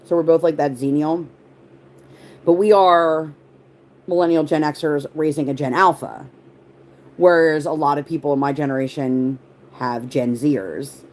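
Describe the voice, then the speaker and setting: Low, steady, and darkish, her voice moves at a measured pace with long pauses. This woman of about forty hosts a casual livestream, rambling through tangents, addressing viewer comments, and using "like" often.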